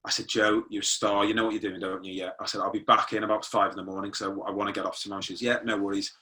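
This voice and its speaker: A man's voice: lowish voice, little pitch movement, rapid-fire, bright, forceful tone. A middle-aged man, a former police sergeant, recounting a personal experience in conversational style, with restarts and quoted dialogue. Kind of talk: personal storytelling.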